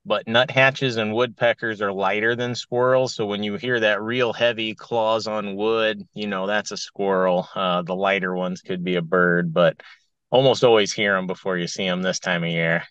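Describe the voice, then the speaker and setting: Low smooth Midwestern man on a call. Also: fairly even intonation, moderate pace, a bit bright, no echo, muffled recording. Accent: Midwestern American. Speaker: hunting panelist. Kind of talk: webinar discussion. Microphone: video call.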